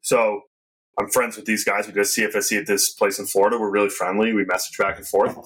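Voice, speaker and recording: A man's voice: on the low side, little pitch movement, fairly bright tone, husky, poor audio. A man hosting a podcast, a casual chatty talker who leans on "like" a lot. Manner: quick, chatty, lots of "like".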